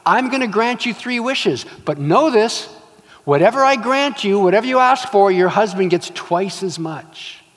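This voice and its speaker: Breezy bargaining genie, as a preacher tells a joke. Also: male voice, sits high, lively intonation, moderate pace, fairly bright tone. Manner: matter-of-fact, joking. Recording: long hall reverb.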